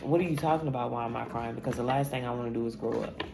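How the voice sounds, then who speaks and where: A woman's voice: very deep voice, very fast. A woman tarot reader talking through a casual spiritual reading, blunt and emphatic, swearing freely as she tells her own story. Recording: echoey room with clear background noise.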